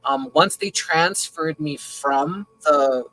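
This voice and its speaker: A man telling a long, rambling story in casual conversation on a video call, keeping it animated and often checking in with the listener. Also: on the high side, slow, poor audio. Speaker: open panel participant.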